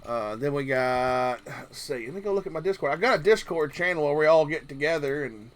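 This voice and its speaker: A livestream host from Kentucky rambles jokingly in a Southern drawl, using lots of fillers on a casual stream. His voice is on the high side, animated and brisk.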